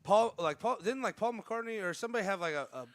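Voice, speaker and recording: A man co-hosting a podcast, chatty and joking, throwing in quick remarks during casual talk. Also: sits high, animated. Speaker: podcast co-host. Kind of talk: casual chat.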